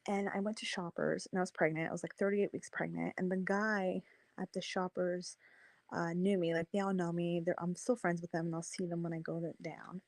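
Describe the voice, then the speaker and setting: A woman telling a personal story in a casual debate, lively and acting out what people said. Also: on the low side, fairly quick, no echo, rough recording. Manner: animated, acts out quoted voices. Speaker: debate participant.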